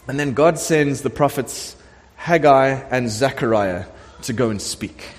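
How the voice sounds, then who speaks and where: A middle-aged man preaching a sermon as a pastor, telling the story in a lively way and acting out the voices of the people in it. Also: mid-range voice, measured pace. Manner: animated storytelling preacher, acts out quoted voices. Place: church sanctuary. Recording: long church hall reverb.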